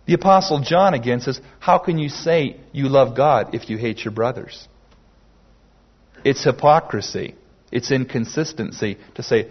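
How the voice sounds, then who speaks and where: A man preaching a sermon slowly and emphatically, with dramatic pauses. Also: medium pitch, husky. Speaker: pastor. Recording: dull lo-fi sermon recording.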